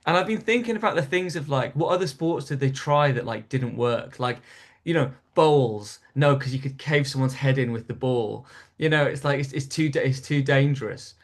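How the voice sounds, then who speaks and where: A stand-up comedian from North East England tells an anecdote in a relaxed podcast conversation. He talks in an animated way, often restarting his sentences as he goes. His pitch sits in the middle range for a man. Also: moderate pace. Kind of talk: storytelling in casual interview.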